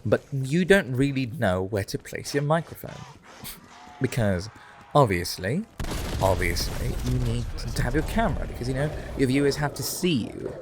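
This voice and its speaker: Rambling, animated male game streamer. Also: medium pitch, normal speed, slight background noise. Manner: rambling, animated, drifts off topic. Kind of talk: casual gameplay stream chat. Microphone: condenser mic close below the chin.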